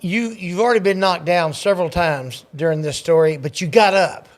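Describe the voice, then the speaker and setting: A man's voice: high-pitched, normal speed. A male co-host running the show, enthusiastic and giving brief reactions. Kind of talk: podcast hosting.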